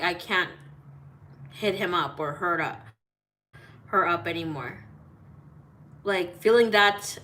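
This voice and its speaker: Bright-voiced woman chatting on a live stream. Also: medium pitch, slight background noise. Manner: chatty, greets viewers by name, swears casually, mixes in Spanish greetings. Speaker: tarot reader greeting live viewers. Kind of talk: casual live-stream chat. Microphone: phone.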